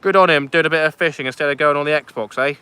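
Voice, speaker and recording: A man's voice: on the high side, fast talker, bright, forceful tone, clean tone. A man chatting casually on a fishing livestream outdoors on a beach at night, reading out viewer comments as he goes.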